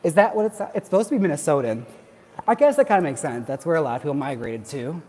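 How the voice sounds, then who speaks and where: A livestream host from Wisconsin talks casually while exercising on cardio, joking around and laughing often. He speaks fast in a slightly high, expressive, somewhat mellow voice, with a bit of background noise.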